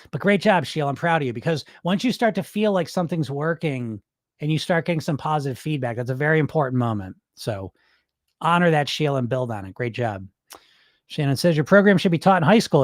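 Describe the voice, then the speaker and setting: A man coaching about weight loss on a live stream in casual talk, excitable and blunt, swearing as he gets worked up. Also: fairly high pitch, fast, no echo, clean studio sound. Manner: informal and blunt.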